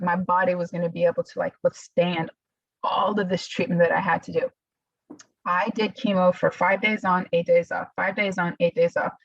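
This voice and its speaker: A somewhat low, husky woman's voice, young adult, recounting her past in a halting, heartfelt way as a podcast guest. She slips into lively voices when she quotes people. The sound is dry and close, a bit dull and lo-fi. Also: dry recording. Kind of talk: casual interview storytelling.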